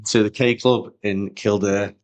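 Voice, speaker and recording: A young man talks in a low voice and a loose, rambling way. He co-hosts a casual chat, full of slang and banter. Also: steady tone, measured pace. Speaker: podcast co-host.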